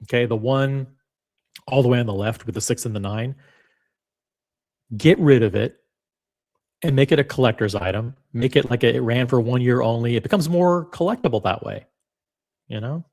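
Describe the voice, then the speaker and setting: A man hosting a reaction video, talking in an animated, rambling and blunt way with casual swearing. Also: medium pitch, moderate pace, pauses often. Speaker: watch channel host reacting to clips.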